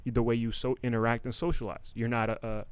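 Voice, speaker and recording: A man hosting a podcast in loose, casual conversation, mid-pitched and talkative, full of "like" and half-started sentences. He laughs easily. The sound is dry and close, with little room around it. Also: level tone, quick pace, smooth, no echo. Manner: loose and talkative, heavy on fillers and restarts; laughs often, voice jumping up when he does. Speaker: podcast host. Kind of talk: casual chat.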